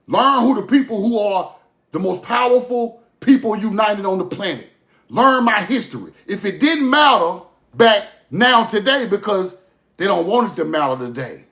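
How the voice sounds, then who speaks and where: A man delivers a passionate, profane monologue straight to his listeners. His voice sits high, and he keeps circling back to the same phrases. He moves from forceful outbursts to low, muttered stretches. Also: big pitch swings, moderate pace. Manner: forceful, repetitive, profane, swings from loud to low. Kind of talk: impassioned monologue to camera.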